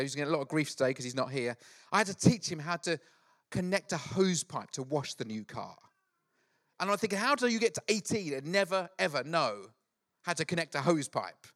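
Man, middle-aged pastor, high voice, animated storytelling sermon. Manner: animated storytelling with acted asides.

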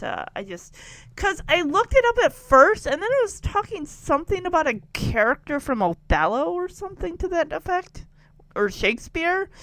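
A woman's voice: sits high, a bit bright, no echo, rough recording. A woman casually commenting as she follows a story, chatty and giggly. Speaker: vlogger.

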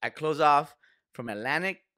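A man's voice: fairly high pitch, lively intonation, moderate pace, sharp tone. A young man co-hosting a podcast, telling a rambling, slangy story full of swearing and fillers in casual chat. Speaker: podcast co-host.

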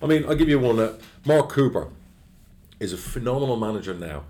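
A football club chairman in middle age chats casually during an interview, his voice medium-pitched and brisk. He's blunt and animated, swearing freely while telling stories.

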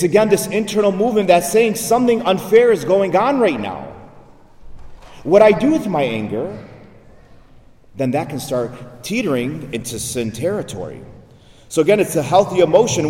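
A man's voice: a little high, a little mellow, a little hiss or hum. A man, a priest, giving a sermon in a conversational preaching style with frequent rhetorical asides, recorded in a church. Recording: echoey church hall, voice from far off.

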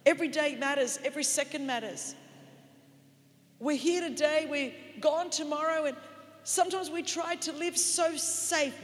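A woman evangelist with an Australian accent preaching a sermon in church, moving from quiet reflection to shouted, emphatic declarations. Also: high voice, moderate pace, big-room sound. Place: large church hall.

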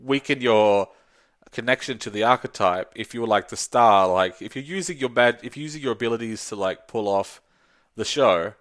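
Bright-toned man, casual rambling chat. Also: fairly low pitch, moderate pace. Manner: rambling, swears freely, laughs often. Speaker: tabletop game podcast co-host.

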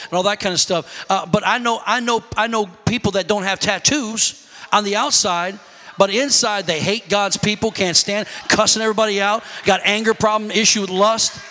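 High, bright-voiced preacher man in a hall. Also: moderate pace. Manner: animated storytelling preacher, calls to the congregation. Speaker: pastor. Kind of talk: sermon.

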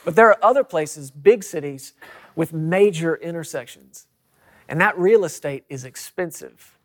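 Male pastor, fairly high voice; emphatic preaching that lifts on quoted lines. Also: lively intonation, unhurried, fairly bright tone. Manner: emphatic, rising for quoted scripture. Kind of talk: preaching in a church talk.

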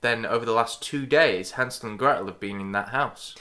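A man's voice: medium pitch, fairly quick, pushed and bright. A man co-hosting a casual comedy podcast, ranting about his gripes and swearing freely. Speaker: podcast co-host.

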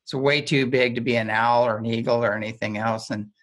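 A man's voice: mid-range voice, fairly even intonation, brisk, a bit bright. A man talking as a guest in a casual conversation, telling stories in a rambling way with frequent restarts and chuckles.

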